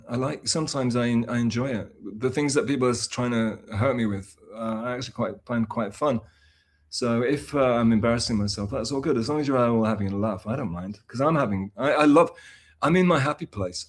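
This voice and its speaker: A man livestreaming, chatting casually with his viewers in a rambling, self-mocking way. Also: medium pitch. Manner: rambling and self-mocking, with many restarts and fillers. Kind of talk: casual livestream chat, reading and answering chat.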